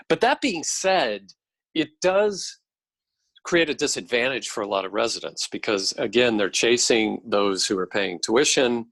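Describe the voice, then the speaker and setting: Measured, low-voiced man explaining policy. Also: a bit bright, dry recording, poor audio. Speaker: podcast guest, policy expert. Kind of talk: podcast interview.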